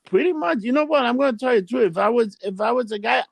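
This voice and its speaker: Male co-host, high and gravelly voice, loose profane chat, dry close sound. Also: lively intonation, fast, dry recording. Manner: casual, profane, asks questions, many fillers. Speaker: podcast co-host. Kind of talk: casual podcast chat.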